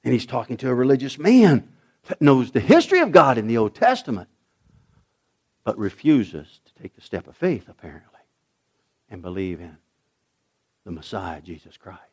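Animated middle-aged man preaching a sermon. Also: medium pitch, normal speed, long pauses, slightly rough. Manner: animated storytelling, acting out voices with shouts. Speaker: pastor.

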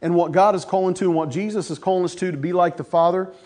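A man's voice: sits high, fairly even intonation, fast, darkish tone. A man preaching a sermon to his church, folksy, calling the congregation folks and asking for amens. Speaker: pastor.

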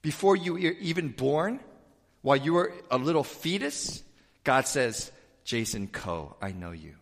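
A man preaching a sermon in a conversational way. He rises to emphatic peaks and then drops to a soft voice. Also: medium pitch, very animated, a little slow. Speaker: pastor. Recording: long hall reverb.

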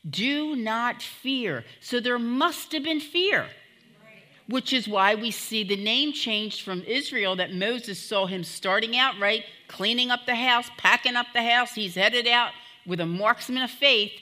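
A woman's voice: fairly high pitch, unhurried, sharp tone. A woman preaching a sermon to her church, fervent and emotional, calling out to the congregation as she teaches from scripture.

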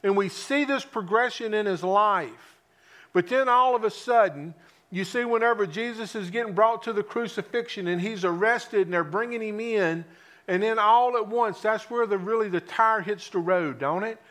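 A preacher with a notably high voice delivers a sermon. He keeps asking the congregation questions and lets his voice fall to a hush before rising again on the key points. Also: moderate pace. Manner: dramatic swings from loud to hushed, rhetorical questions.

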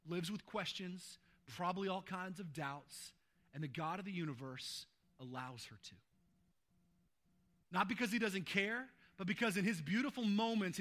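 A male pastor preaching a sermon, swinging between hushed, slow lines and loud, fervent passages. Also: on the high side.

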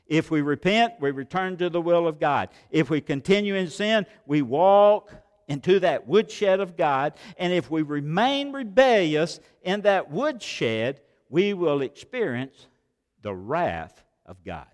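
A man preaching a sermon as pastor, swinging between loud exhortation and hushed asides with many rhetorical questions. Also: a little high, animated, slow. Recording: long hall reverb of a large sanctuary.

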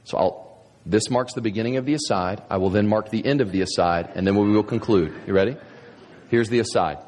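Preaching a little fast in a lowish, slightly mellow voice, a pastor from the United States delivers an emphatic sermon packed with sarcastic rhetorical questions. A large hall gives the recording a long reverb.

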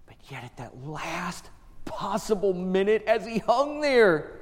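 High, lively-voiced man preaching in a hall. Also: measured pace. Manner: dramatic storytelling, hushed low passages then rising emphatic lines. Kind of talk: sermon. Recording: long reverb of a large hall.

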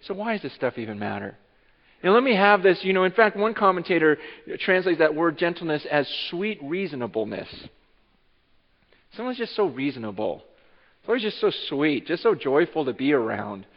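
A man preaching a sermon as pastor, acting out what listeners might say in lively bursts. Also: on the high side, moderate pace, in a large hall, muffled recording. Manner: animated, acts out imagined speech of listeners. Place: church sanctuary.

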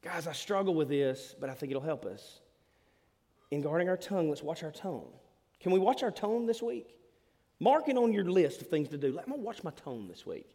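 A man, preaching a sermon as pastor, telling stories with big swings between loud and hushed delivery. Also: on the high side, lively intonation, normal speed, slightly rough. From Alabama. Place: church hall. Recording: long hall reverb.

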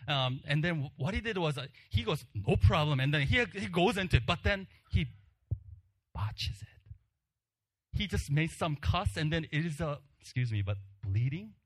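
Animated male preacher, fairly high voice. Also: unhurried. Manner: animated storytelling, acting out the crowd's shouts. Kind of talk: sermon with personal story.

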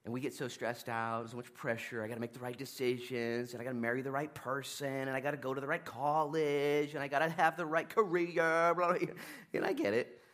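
A man preaching a sermon in a casual, conversational way, swinging between loud emphatic bursts and hushed asides, talking fast and laughing at his own jokes. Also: medium pitch, level tone. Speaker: pastor.

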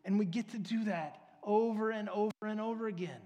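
A man's voice: high voice, a little fast, hardly any pauses, dark tone. A man preaching a casual, conversational sermon, telling stories with lots of fillers. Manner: casual, filler-heavy, storytelling. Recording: long reverb of a large hall.

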